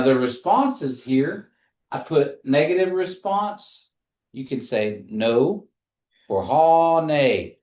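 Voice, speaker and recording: Slow, patient man teaching a class. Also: on the low side, a little mellow. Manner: slow, patient, repeats phrases for the class to echo. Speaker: language teacher. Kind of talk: classroom language lesson.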